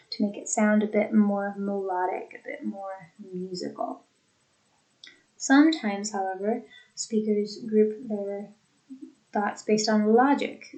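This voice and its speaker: A young woman teacher reviewing a class lesson, speaking deliberately and demonstrating example sentences. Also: medium pitch, darkish tone, poor audio. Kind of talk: lecture recap for students.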